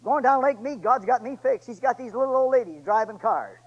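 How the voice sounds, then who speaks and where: A man preaching a sermon in a folksy, colloquial storytelling way that swings between booming emphasis and hushed asides. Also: brisk, highs cut off.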